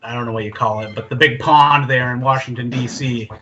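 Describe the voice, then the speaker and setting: A man's voice: mid-range voice, steady tone, a little fast, sharp tone, highs cut off. A man co-hosting a casual podcast chat, sharing rambling, thoughtful opinions. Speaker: podcast co-host.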